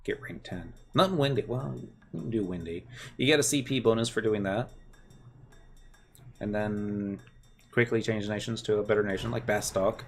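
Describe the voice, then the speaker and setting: A man's voice: fairly low pitch, normal speed, a little hiss or hum. A man streaming a game, talking casually through it in rambling, muttered asides. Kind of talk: casual gameplay commentary. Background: faint game music.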